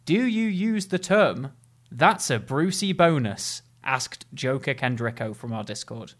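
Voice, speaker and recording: A man's voice: mid-range voice, unhurried. A young man co-hosting a podcast in casual chat, laughing often and acting out quotes. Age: young adult. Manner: giggly, tells stories with animated quoted voices. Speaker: podcast co-host.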